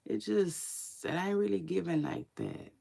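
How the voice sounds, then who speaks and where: Woman, forties, smoky, low, slow and drawling, laid-back slangy chat, sleepy. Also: expressive, creaky, mellow, breathy edge. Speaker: online commentator. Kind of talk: casual livestream chat to viewers.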